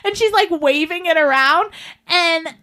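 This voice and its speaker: A woman co-hosting a podcast, telling a story in casual chat, animated and often laughing, with lots of "like". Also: extremely high pitch, a little slow, very noisy. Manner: frequent filler "like". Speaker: podcast co-host.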